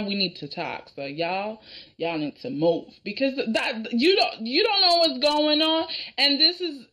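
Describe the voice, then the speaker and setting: A woman talks through a family drama episode at a slow, easy pace. Her voice sits a little high and bright, and she slips into the characters' lines as she goes, laughing along the way. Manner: chatty, acts out characters' lines, laughs often. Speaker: reaction video host. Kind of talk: casual recap of a TV drama.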